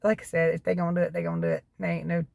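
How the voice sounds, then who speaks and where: This middle-aged North Carolina woman with a Southern accent is a keto diet vlogger chatting casually to camera, folksy and wandering off on tangents, laughing between remarks and coughing now and then from allergies. Her voice is on the low side, level, racing, gravelly and darkish, in a dry recording.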